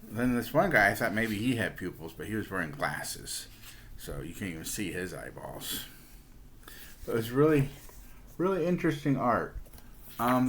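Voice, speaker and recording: A man's voice: mid-range voice, slight background noise. A middle-aged man chatting casually, rambling with lots of fillers and restarts as he shows off his purchases. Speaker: comic book collector. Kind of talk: casual show-and-tell vlog.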